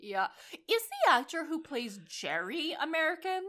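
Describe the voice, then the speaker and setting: A woman's voice: sits high, big pitch swings, normal speed, fairly bright tone. A woman co-hosting a podcast, chatting casually and sarcastically about a film, laughing often. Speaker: podcast co-host. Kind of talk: casual film review chat.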